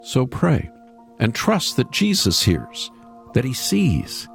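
A man's voice: medium pitch, huge pitch swings, takes it slowly, gravelly, faint music behind. Earnest man giving a radio devotional. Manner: earnest, reads scripture aloud. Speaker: radio Bible teacher.

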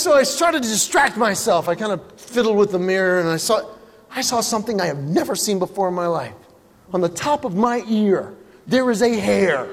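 A middle-aged man works through a stand-up routine, telling his stories in a playful, animated way. His voice sits very high for a man. The sound carries a long hall echo and a faint background noise. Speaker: stand-up comedian.

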